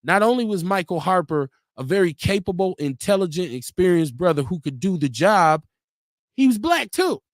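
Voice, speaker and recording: Animated, high-voiced man hosting a stream. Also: moderate pace, no echo, studio quality. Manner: loose, animated, laughs often, acts out quotes. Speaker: host of a live talk stream. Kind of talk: casual chat, reading viewer comments aloud. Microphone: streaming mic.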